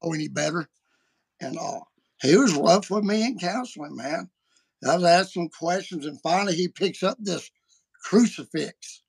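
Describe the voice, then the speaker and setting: A man hosts a casual podcast, telling stories in an animated, folksy way. His voice sits fairly high and has a gravelly edge. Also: moderate pace. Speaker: podcast host. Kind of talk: casual chat.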